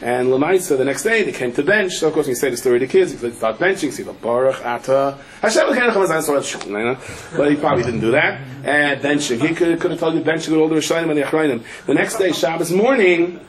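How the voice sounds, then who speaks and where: A man's voice: on the high side, fast, few pauses. A male rabbi with a Yeshivish accent giving a Torah lecture, telling a story and acting out the voices in it. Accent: Yeshivish English with Yiddish and Hebrew words. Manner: animated storyteller, acts out quotes in raised voices.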